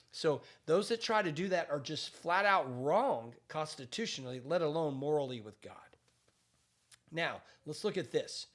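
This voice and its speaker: Emphatic pastor with a raised voice. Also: male voice, a little high. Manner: emphatic, repetitive, with frequent restarts. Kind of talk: commentary on current events.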